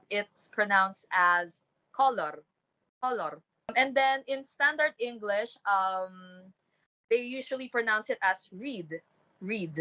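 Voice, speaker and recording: Young woman, bright voice, lots of ums, says each example word twice. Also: medium pitch. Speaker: interviewee.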